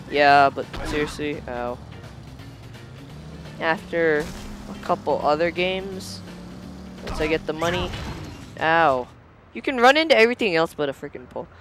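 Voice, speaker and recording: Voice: mid-range voice, expressive, a little slow, long pauses, fairly bright tone, faint music behind. A gameplay commentator giving casual let's-play commentary in a playful, silly, jumpy way.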